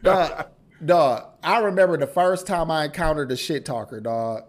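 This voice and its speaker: A man hosting a casual podcast, telling crude stories in a profane, animated way and laughing often. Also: on the high side, normal speed. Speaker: podcast host.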